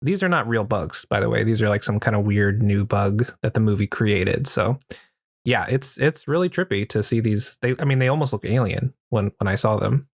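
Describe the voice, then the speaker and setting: A man casually recapping a horror film as a podcast host, joking and crude, tossing in quick put-on voices. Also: fairly low pitch, vocal fry, dry recording, clean studio sound. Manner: crude, joking retelling with acted quotes.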